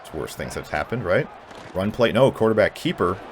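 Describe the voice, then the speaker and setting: This young man's voice sits low and sounds animated and a little fast as he gives frustrated, sarcastic play-by-play of his own game, swearing heavily and erupting angrily. The background is noisy, with game music plainly audible.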